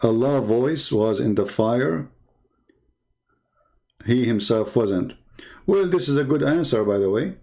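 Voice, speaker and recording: Mellow-voiced Arabic-accented man, mocking debater. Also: mid-range voice, lively intonation, slow, pauses often. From Arab world. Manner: mocking, rhetorical questioning. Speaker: debate channel host. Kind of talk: live online religious debate.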